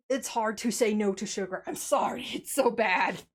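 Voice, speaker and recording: A woman streamer chatting casually after a workout, tired and out of breath, rambling and sighing often. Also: mid-range voice. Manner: rambling, self-deprecating, sighs often. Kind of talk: casual live-stream chat.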